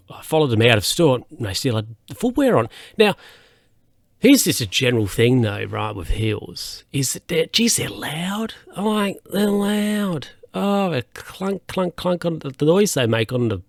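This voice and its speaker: A man's voice: mid-range voice, no room sound, studio quality. A man hosting a solo podcast, telling stories in a rambling, hesitant way with lots of fillers and restarts. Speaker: podcast host.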